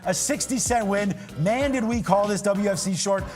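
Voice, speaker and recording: A man hosting a live trading show, calling trades and thanking viewers with excited, hyped energy. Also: sits high, soft background music. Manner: excited, hyped, rapid shout-outs. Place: TV studio trading floor.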